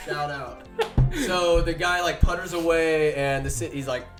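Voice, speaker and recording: Male podcast co-host, animated storyteller, laughs often, loud music underneath. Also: fairly high pitch, measured pace. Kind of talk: casual locker-room chat.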